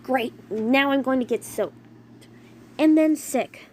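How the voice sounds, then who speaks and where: A woman voicing an excitable, teasing young man who pouts and whines in a fan audio drama reading. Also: high voice, slow pace. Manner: excitable, whiny, pouty. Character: flustered playful young man, teasing and pouty.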